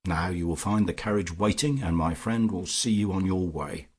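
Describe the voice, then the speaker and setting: A man voicing a soft-spoken, sinister older male captor who threatens quietly in an audiobook reading. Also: low voice, moderate pace, slightly rough. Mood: quiet menace. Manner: quiet, menacing, giggling.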